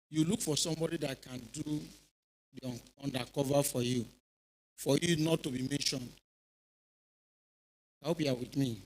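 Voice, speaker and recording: A middle-aged man with a Nigerian accent speaks to young people in a church hall. His voice sits a little high. He tells stories in a lively, animated way and keeps asking whether the listeners are with him. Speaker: retired police officer speaking at a youth event. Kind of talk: informal speech to a youth audience.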